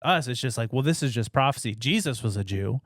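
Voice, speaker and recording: Male podcast co-host, animated explainer, dry close sound. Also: mid-range voice, fairly quick, dry recording. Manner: animated, explains in loose restarts. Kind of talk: casual chat.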